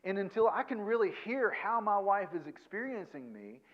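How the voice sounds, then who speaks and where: A man giving a conversational seminar talk as a guest counselor, self-deprecating and tagging his points with quick check-ins to the audience. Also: high-pitched, big pitch swings, dull audio. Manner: chatty, self-deprecating, peppers points with "okay?" and "right?".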